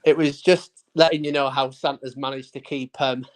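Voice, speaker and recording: A man's voice: mid-range voice, steady tone, normal speed. A man from England bantering casually, teasing and slangy, a little out of breath from exercise. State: out of breath from pedaling.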